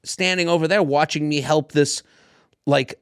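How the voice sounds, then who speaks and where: Podcast co-host, man, thirties, lively storyteller who acts out quotes, dry sound. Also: fairly high pitch, moderate pace, clean tone, no echo. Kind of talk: casual chat.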